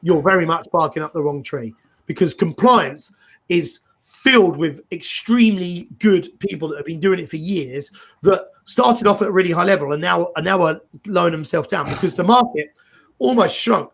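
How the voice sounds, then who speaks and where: Gravelly man hosting a chat. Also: high-pitched, moderate pace. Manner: animated, rambling, repeats words as he goes. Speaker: host. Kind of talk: casual career advice chat.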